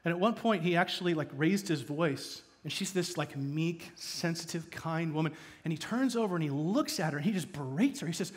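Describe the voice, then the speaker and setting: A man preaching a sermon as pastor, shifting from loud emphatic bursts to hushed asides. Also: on the high side, animated, brisk, few pauses. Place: church.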